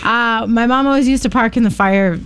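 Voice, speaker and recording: A woman's voice: fairly high pitch, a little fast, fairly bright tone, clear, resonant tone. A woman co-hosting a radio show, telling stories casually and sprinkling in lots of "like". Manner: chatty, lots of "like", laughs at her own stories. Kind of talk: casual storytelling banter. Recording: radio studio with faint music bed.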